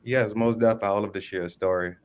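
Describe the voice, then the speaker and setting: A man's voice: on the low side, fairly even intonation, racing, clear, resonant tone. A man on an industry panel, from New Orleans, telling a work story in a loose way with many ums and restarts. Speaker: service manager panelist.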